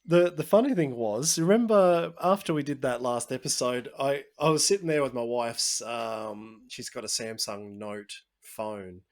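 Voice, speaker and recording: A man hosting a podcast, telling a story in casual chat with animated asides. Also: mid-range voice, unhurried, few pauses. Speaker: podcast host.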